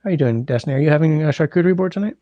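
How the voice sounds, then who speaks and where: A man's voice: fairly high pitch, expressive, racing, no echo, dull audio. A man hosting a casual livestream from home, rambling, greeting viewers by name and humming while he scrolls, his sinuses congested. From Canada. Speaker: livestream host. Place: indoors at home.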